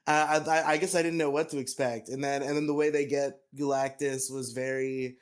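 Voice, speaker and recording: A man co-hosting a podcast in casual chat, talking excitably with lots of swearing and laughter. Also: medium pitch, normal speed. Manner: excitable, profane, laughing often. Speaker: podcast co-host.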